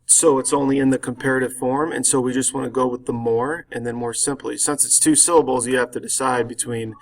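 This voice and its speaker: A man's voice: mid-range voice, steady tone, brisk, gravelly. A man teaching a grammar lesson, explaining each answer step by step and reading the example sentences aloud. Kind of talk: recorded grammar lesson walkthrough.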